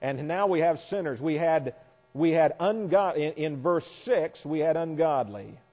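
A man's voice: on the high side, animated, measured pace, a little mellow, faint music behind. A man teaching a Bible class lecture, explaining verses step by step with wry asides. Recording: long hall reverb.

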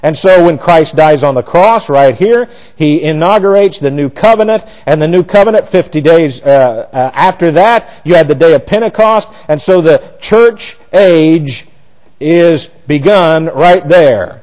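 A man's voice: a little slow, low-quality recording. A man preaching an expository Bible sermon, emphatic, with rhetorical questions and repeated words. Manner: animated pitch jumps for emphasis. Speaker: pastor.

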